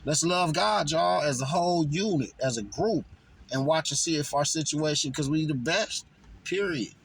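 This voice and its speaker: A man's voice: fairly high pitch, lively intonation, normal speed, vocal fry, a little hiss or hum, poor audio. A man voicing God as a brash, casual male deity who coaxes people to praise him, in a boastful, slangy way. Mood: coaxing boastful.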